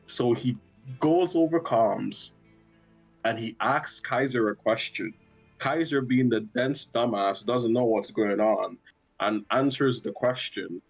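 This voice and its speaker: A man's voice: mid-range voice, takes it slowly, gravelly, soft background music. Rambling young man recapping a game. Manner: rambling, joking, swears a lot. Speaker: tabletop player. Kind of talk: casual session recap.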